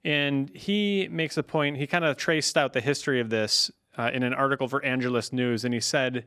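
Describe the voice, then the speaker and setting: A man's voice: medium pitch, fairly even intonation, normal speed, hardly any pauses, sharp tone, clear, resonant tone. Chatty Wisconsin man co-hosting a podcast. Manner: chatty, reads quotes aloud with emphasis. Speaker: podcast co-host. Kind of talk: casual podcast chat.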